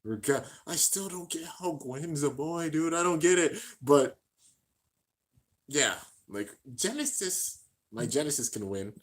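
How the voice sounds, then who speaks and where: A man giving excited, slangy play-by-play commentary while reacting to an anime, shouting out at the big moments. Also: a little high, measured pace.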